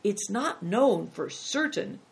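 A cautious male companion, put on by a woman reader speaks in a hushed, careful voice. An audiobook character reading with lively pitch. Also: takes it slowly, vocal fry, full character voice, low-quality recording.

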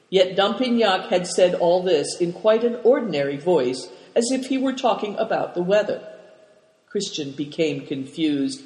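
A man narrates a story in a measured, steady manner. His voice sits fairly high, and the recording is roomy with a long reverb trailing each phrase. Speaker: audiobook reader. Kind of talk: scripted narration.

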